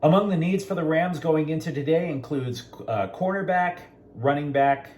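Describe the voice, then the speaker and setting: A man's voice: a little high, moderate pace, a little mellow, a little hiss or hum. A man hosting a sports talk show, giving outspoken, opinionated commentary straight to his viewers.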